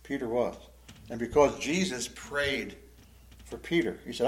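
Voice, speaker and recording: A man teaching a Bible class as a pastor, emotive, swinging between loud emphasis and hushed, sad tones. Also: mid-range voice, unhurried, poor audio.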